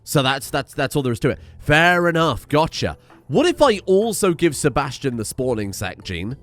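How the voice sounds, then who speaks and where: A man commenting on a strategy game he plays, excitable and swearing, with sudden yelled outbursts. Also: on the high side, normal speed, soft background music. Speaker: gaming streamer. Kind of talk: let's-play commentary.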